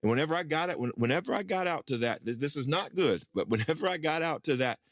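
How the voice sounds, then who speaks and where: A pastor tells a personal story during a sermon at a quick pace. He acts out his own past dialogue, his pitch rising in lively ways.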